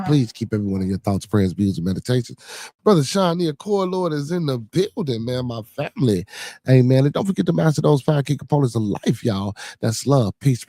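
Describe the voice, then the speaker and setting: A man's voice: medium pitch, mellow, no room sound, studio quality. A man hosting a casual livestream podcast, talking in slang and repeating his catchphrases three times over. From Chicago. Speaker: podcast host.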